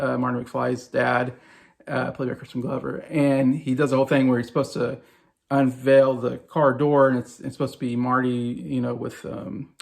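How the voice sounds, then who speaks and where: A middle-aged man recalls favorite films in an unscripted, rambling way, full of fillers and restarts. His voice sits at an ordinary pitch with a gravelly, creaky edge. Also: darkish tone. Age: 40s. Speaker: movie vlogger. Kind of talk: casual movie review.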